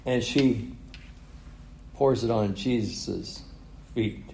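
A man's voice: fairly low pitch, drawn-out words, vocal fry, warm tone, roomy sound, slight background noise, poor audio. A man preaching a sermon, retelling a story with chuckles and rhetorical questions. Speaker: pastor.

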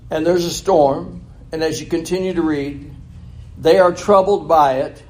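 A man's voice: fairly high pitch, steady tone, a little slow, darkish tone. A man preaching a sermon who reads a scripture passage, then retells it in his own words and asks rhetorical questions. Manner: laughs at his own slip and corrects himself.

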